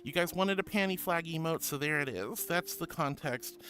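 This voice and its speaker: A woman's voice: low voice, moderate pace, a bit bright. A woman streaming live, chatting casually with viewers in a bubbly, giggly way, calling them honey and sweetie.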